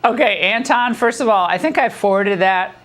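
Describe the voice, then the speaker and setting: A woman's voice: medium pitch, moderate pace, fairly bright tone. A woman hosting a television interview in an enthusiastic, friendly way. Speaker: television host.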